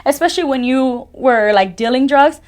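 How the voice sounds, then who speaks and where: A woman's voice: sits high, moderate pace, darkish tone. A young woman giving a personal testimony as a podcast guest, talking casually with frequent "like" and "you know" fillers. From California.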